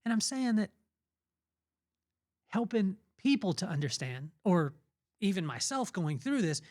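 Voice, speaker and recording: A man's voice: sits high, sing-song, measured pace, darkish tone, no echo, clean studio sound. A middle-aged man hosting a podcast. He gives an earnest, emphatic motivational talk on faith in a conversational way. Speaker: podcast host.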